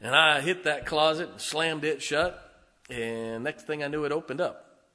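Man, middle-aged, from northern Ohio, folksy storyteller, bright voice, long hall reverb. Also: a little high, unhurried. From northern Ohio, near Lake Erie. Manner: folksy, conversational, acts out quoted dialogue. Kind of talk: personal storytelling.

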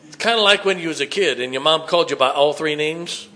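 A man preaching a sermon, dropping to hushed tones and rising to loud emphatic bursts. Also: fairly high pitch, fast talker. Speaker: pastor.

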